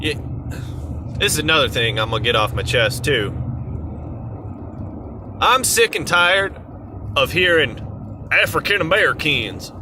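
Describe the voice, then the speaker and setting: A man's voice: on the high side, big pitch swings, a little slow, pauses often, background noise. A man ranting in an exasperated, sarcastic way in an opinion vlog. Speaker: vlogger. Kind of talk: opinion rant to camera.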